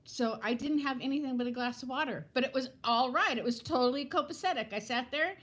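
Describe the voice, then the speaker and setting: A woman in her fifties chatting to viewers on a live stream from home, greeting them by name and telling a story in a warm, gushing way. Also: high-pitched, a little fast, poor audio. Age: 50s. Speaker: vlogger hosting a live stream.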